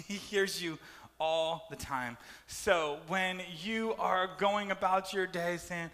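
A man preaching a sermon as pastor, animated and acting out complaining voices. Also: high-pitched, takes it slowly, long reverb tail.

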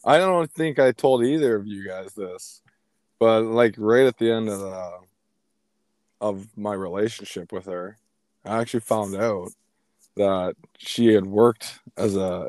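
A man's voice: on the low side, measured pace, darkish tone, no room sound. A young man in casual chat, telling about a past relationship in an earnest, profane way.

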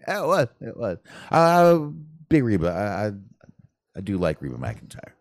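A man's voice: sits low, huge pitch swings, normal speed, no echo, studio quality. A man co-hosting a podcast in casual chat, rambling and making self-deprecating, salty jokes. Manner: salty, profane humor. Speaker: podcast co-host.

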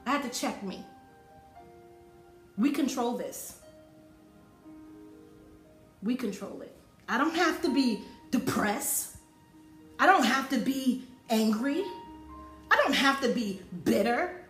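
Woman preacher, fairly high voice, emphatic and repetitive, roomy echo, soft music underneath. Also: expressive, slow, long pauses. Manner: emphatic, repeating phrases for effect. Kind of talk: sermon.

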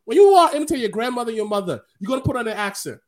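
A man hosting a wrestling podcast, talking in an animated, casual way and laughing often. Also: very high-pitched, rapid-fire. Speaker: podcast host. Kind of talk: casual chat.

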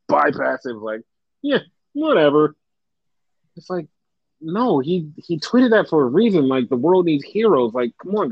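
On a dry, slightly dull podcast mic, a young co-host's voice comes through on the high side and slightly rough. In casual wrestling talk, he gets animated, curses frequently, and imitates fans with exaggerated voices.

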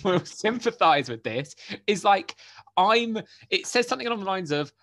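A young man co-hosts a casual podcast from home, ranting in an animated, incredulous way. His voice sits a little high and leaps up and down constantly. The sound is close and dry, with no room around it. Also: moderate pace, dry recording. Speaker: podcast co-host. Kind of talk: casual chat. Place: home in Exeter.

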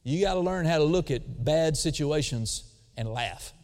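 A man preaching a sermon, swinging between loud dramatic emphasis and quiet asides, calling out for responses from the congregation. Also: a little high, expressive, moderate pace. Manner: calls for audience response. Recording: long reverb of a large hall.

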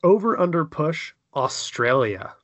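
A man hosting a podcast, chatting casually in a teasing, joking, animated way. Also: fairly high pitch, measured pace, dry recording, lo-fi sound. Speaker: podcast host. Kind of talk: casual chat.

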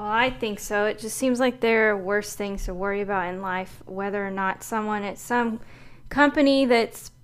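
Woman, smooth clear voice, matter-of-fact, podcast co-host. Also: medium pitch, a bit bright. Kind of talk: casual political commentary.

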